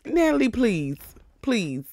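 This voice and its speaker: A man's voice: very high-pitched, big pitch swings, takes it slowly, a little mellow, dry recording. A man casually recapping a reality show, bluntly and with jokes, acting out the cast members' lines. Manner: blunt, profane, joking asides.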